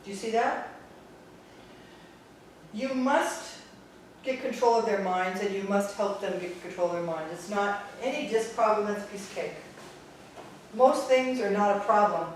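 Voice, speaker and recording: A woman's voice: mid-range voice, measured pace, long pauses, slight background noise. A woman with a Bronx New York accent, a Pilates instructor giving a blunt, sarcastic teaching talk to other instructors. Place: Pilates studio. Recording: very echoey room, distant mic.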